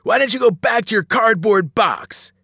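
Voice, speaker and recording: Sneering teen boy bully, loud and jeering, pitched up high, as read by a man. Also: animated, moderate pace, dry recording, clean studio sound, heavily acted.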